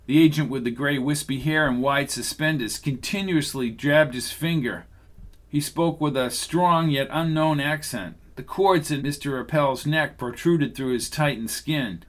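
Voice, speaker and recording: A man reading an audiobook in steady scripted narration. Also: fairly high pitch, a little slow.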